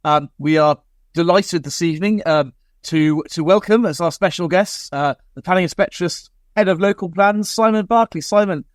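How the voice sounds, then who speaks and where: Halting male host on a video call. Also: high-pitched, no echo. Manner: friendly, halting, filler-laden. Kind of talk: hosting a casual online panel show.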